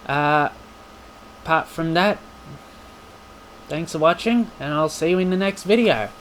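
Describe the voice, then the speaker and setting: A man's voice: on the high side, a little slow, a bit bright, a little hiss or hum. A man hosting a casual question-and-answer vlog, rambling and self-deprecating with plenty of jokes. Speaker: YouTube channel host. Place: home recording space.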